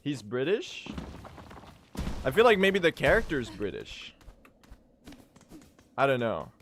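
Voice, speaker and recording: A man's voice: mid-range voice, sing-song, slow pace, a bit bright, faint music behind. A young man streaming a game speedrun, chatting casually in a rambling, self-deprecating way and laughing often.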